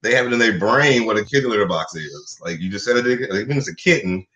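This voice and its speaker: Animated man in casual chat. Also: quick pace, rough recording. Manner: animated, acts out pets in high silly voices. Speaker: co-host of a live chat show.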